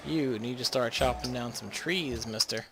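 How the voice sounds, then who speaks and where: A man's voice: mid-range voice, normal speed, noisy background. A man casually commenting on a strategy game he plays, rambling and joking, often restarting his sentences. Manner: rambling, jokey, trails off mid-sentence. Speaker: gaming video host.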